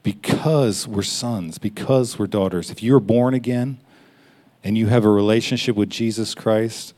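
A man preaching in a conversational, personal way, stopping for quick laughs and honest asides as he addresses his listeners. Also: fairly low pitch, dark tone. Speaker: pastor. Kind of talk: sermon.

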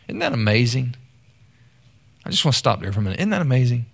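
A man preaching a sermon in a drawl. He sits at a middle pitch and talks casually, restarting phrases and calling on the congregation to answer back. His delivery stays loose and chatty, like he is telling a story. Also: very animated, fast talker, vocal fry, long pauses, fairly bright tone. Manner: conversational storytelling, repeats words, calls to the congregation.

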